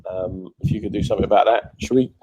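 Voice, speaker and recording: A man's voice: on the low side, fairly even intonation, fast, lo-fi sound, background noise. A man hosting a live online chat show, jokey and matey. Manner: jokey, matey, calls the guest mate. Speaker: radio show host.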